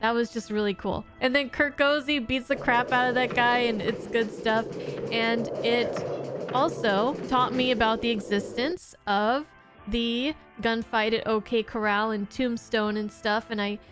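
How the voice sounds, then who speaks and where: A woman's voice: a little high, steady tone, unhurried, over music. A woman hosting her own channel, giving an earnest, heartfelt casual review of her favorite TV episodes. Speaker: YouTube reaction host.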